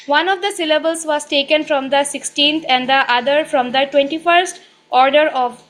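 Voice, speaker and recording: A woman student reading aloud word meanings and a translation in a steady, measured way. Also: high-pitched, a little hiss or hum, poor audio.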